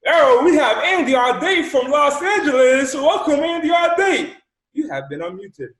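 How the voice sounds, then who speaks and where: A man voicing a male conference-call host who announces in a loud, drawn-out way, recorded in an echoey room. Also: extremely high pitch, sing-song, voice pushed up, full character voice. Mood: announcing.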